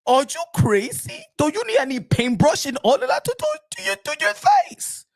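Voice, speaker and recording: A man voicing an indignant male makeup artist who shouts in broken English. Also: very high voice, wildly swooping pitch, moderate pace, full character voice.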